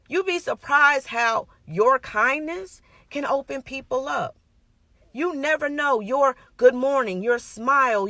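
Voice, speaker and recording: Bright-voiced woman preaching earnestly. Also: fairly high pitch, dry recording. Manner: earnest, emphatic, personal and repetitive. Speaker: minister. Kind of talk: conversational sermon.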